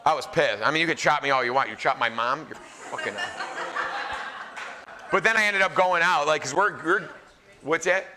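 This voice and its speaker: A man in his forties, a chef, telling funny stories live to a crowd in a casual, animated way. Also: on the high side, moderate pace, long pauses, noisy background. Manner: animated, joking, filler-heavy. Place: live event venue.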